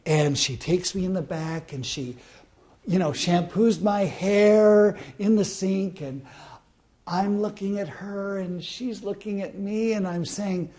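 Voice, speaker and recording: A man's voice: high-pitched, takes it slowly, warm tone. A man in his fifties from Southern California, giving a motivational self-help talk and telling a personal story, with rhetorical questions to the listener. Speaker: motivational speaker.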